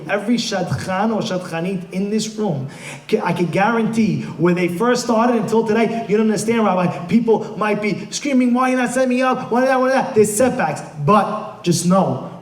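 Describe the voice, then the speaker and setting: A man, a rabbi, giving a motivational sermon to a room full of people, emphatic, dropping low for asides and then shouting rhetorical questions. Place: room with a live audience. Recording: echoey room.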